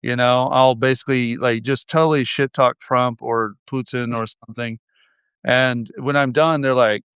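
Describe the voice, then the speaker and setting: A man hosts a casual podcast conversation with a smooth, clear voice. He talks in a wry, meandering way, often restarting his sentences. The recording is dry and close. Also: medium pitch, fairly even intonation, normal speed, fairly bright tone, no room sound. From United States. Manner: wry, rambling, many restarts. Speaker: podcast host.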